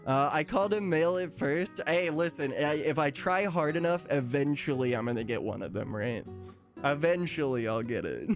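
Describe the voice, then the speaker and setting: A man's voice: a little high, expressive, moderate pace, faint music behind. A man streaming casually, chatting with his viewers, laughing often and reading out their messages. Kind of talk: casual live-stream chat.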